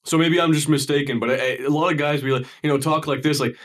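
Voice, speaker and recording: A man's voice: fairly high pitch, steady tone, fast. A man co-hosting a podcast in casual chat, teasing and bantering with his friends. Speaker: podcast co-host.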